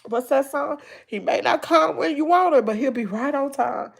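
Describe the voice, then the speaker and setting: Casting: middle-aged woman, Southern accent, tearful and heartfelt, slightly high, raspy fry. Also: expressive, moderate pace. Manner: tearful, heartfelt, talking straight to viewers. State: crying, nose stuffed up. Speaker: family vlogger. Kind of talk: emotional livestream talk to viewers.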